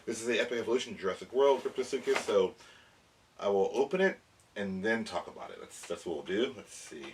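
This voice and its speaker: Man, very low voice, casual toy review for kids, rambling explainer, slightly distant mic, faint noise. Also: expressive, a little fast. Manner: chatty, rambling, self-correcting; addresses kids. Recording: voice a bit far from the mic, faint background noise.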